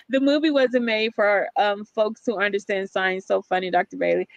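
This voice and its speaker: A woman co-hosting a casual livestream chat, animated and reading out viewer comments. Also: medium pitch, moderate pace, creaky, no echo, highs cut off. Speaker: livestream co-host.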